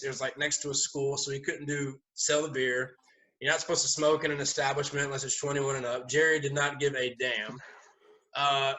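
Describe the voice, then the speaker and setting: Animated man telling a story. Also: fairly high pitch, low-quality recording. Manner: animated storyteller, swears and laughs. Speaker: host. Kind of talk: casual storytelling chat.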